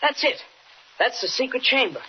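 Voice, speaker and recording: An actor playing an eager, excitable teenage boy reporter in a 1940s radio drama. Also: very high voice, moderate pace. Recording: dull old radio recording with faint hiss.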